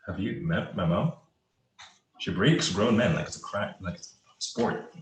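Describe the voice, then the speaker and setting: A man's voice: sits low, a little slow, a little hiss or hum. A man playing a remorseful young police officer who stammers through apologies, read over a video call. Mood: apologetic. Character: young male cop, remorseful and persistent. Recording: echoey room.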